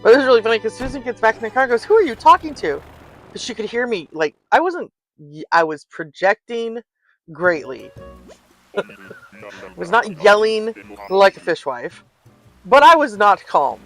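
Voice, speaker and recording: Over soft background music, an older woman chats her way through a life-sim game stream, spinning stories and laughing a lot. She speaks at a normal speed in a mid-range voice that's a little bright and swings widely in pitch.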